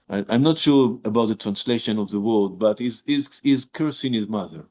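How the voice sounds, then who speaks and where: Rabbi teaching, halting English. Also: male voice, lowish voice, a little mellow. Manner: halting, with many restarts and fillers, reads verses aloud. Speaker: rabbi teaching a Bible class. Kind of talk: informal Bible lesson.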